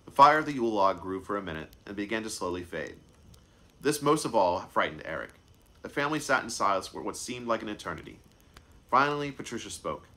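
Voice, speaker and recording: A man's voice: lowish voice, big pitch swings, a little fast, bright, forceful tone. A man reading his own book aloud live, stumbling and correcting himself as he goes. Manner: unscripted stumbles and self-corrections. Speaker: author and narrator.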